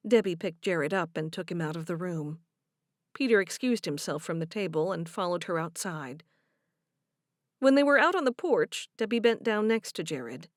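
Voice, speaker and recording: Expressive woman narrating an audiobook. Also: on the low side, moderate pace, no room sound, studio quality. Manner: expressive, voices each character.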